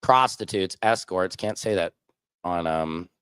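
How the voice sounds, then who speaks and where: A man's voice: low voice, a little slow, a bit bright, slight background noise. A man hosting a casual livestream, telling rambling anecdotes full of fillers and asides. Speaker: host. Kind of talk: casual livestream chat and storytelling.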